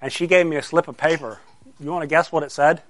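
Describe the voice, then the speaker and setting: A man's voice: fairly high pitch, fairly even intonation, fast, a bit bright, dry recording. A middle-aged man, a pastor telling a story to children and asking them questions as he goes. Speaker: pastor giving a children's sermon.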